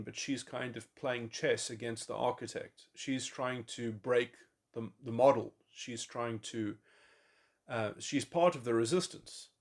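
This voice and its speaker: A man thinking aloud in a long speculative monologue, halting often and restarting his sentences. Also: medium pitch, creaky. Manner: musing, halting, with many restarts and fillers. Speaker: podcast host. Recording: voice memo.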